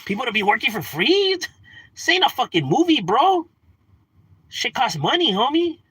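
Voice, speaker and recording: Animated slangy man ranting. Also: very high voice, moderate pace, slightly rough, no echo. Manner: animated, swearing, slangy, laughs often. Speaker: livestream host. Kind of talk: casual livestream rant.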